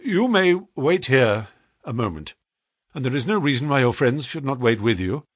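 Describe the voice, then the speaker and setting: A man voicing a nervous male company manager who talks in a rushed, strained, pleading way. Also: medium pitch, very animated, no echo, clean studio sound. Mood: forced calm.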